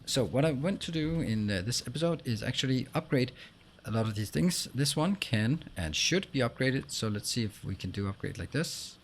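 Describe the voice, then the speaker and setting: A man hosting a let's play, explaining what he does as he plays and filling pauses with frequent ums and uhs. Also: medium pitch, lively intonation, a little hiss or hum. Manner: explains while playing, with frequent fillers. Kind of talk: gameplay commentary.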